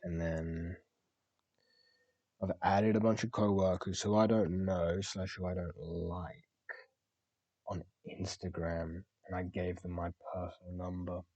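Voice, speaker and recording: Speaking in a personal, reflective monologue, this young podcast host has a very deep, level, somewhat mellow voice and a flat delivery, stopping on words and restarting as he thinks. The sound is close, dry, lo-fi, and echo-free.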